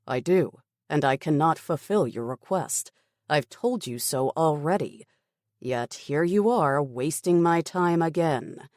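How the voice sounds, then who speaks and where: A woman voicing a stern, brisk middle-aged male army major in an audiobook, speaking in clipped, firm, dismissive tones. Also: low-pitched, lively intonation, a little mellow, no room sound, studio quality. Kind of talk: audiobook character voice.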